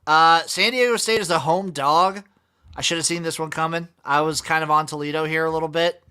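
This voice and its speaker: Bright, slightly high man reading scores. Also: steady tone, brisk, smooth. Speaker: podcast host. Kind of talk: casual sports chat, reading scores.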